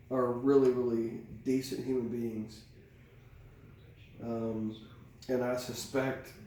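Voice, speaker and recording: A man's voice: mid-range voice, mellow. A man giving a casual, rambling tarot reading, candid and swearing freely, recorded at a distance in a very echoey room. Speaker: tarot reader. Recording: very echoey room, distant mic, faint hiss.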